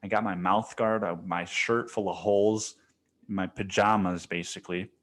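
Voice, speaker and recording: A man's voice: lowish voice, normal speed. A young man hosting a podcast, telling a story in a casual, profane style and calling the listener "dude". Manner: profane, animated, slangy, says "dude" often. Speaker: podcast host.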